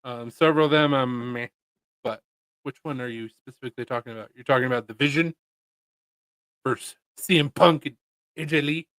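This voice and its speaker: A man's voice: medium pitch, a little fast, long pauses, a bit bright, dry recording, poor audio. A man hosting a casual livestream, chatting in a laid-back, rambling and jokey way. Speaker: livestream host. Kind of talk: casual chat.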